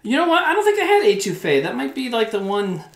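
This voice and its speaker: A man's voice: extremely high pitch, wildly swooping pitch, quick pace. Rambling man cooking in an echoey kitchen. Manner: rambling, swears, chats with viewers while cooking. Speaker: streamer cooking on camera. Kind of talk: casual live-stream cooking chat. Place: home kitchen. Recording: roomy kitchen with faint background noise.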